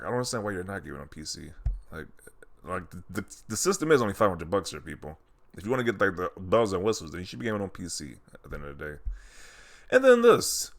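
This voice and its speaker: A man's voice: fairly low pitch, a bit bright. A young man hosting a gaming channel, rambling in casual commentary with lots of "like" and incredulous questions.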